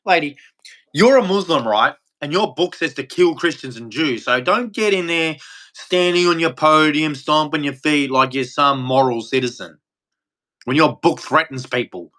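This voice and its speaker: A man's voice: a little high, normal speed, pushed and bright. A man with an Australian accent delivering a heated, profane rant as host of a live stream. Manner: angry, profane, blunt ranting. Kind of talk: ranting monologue.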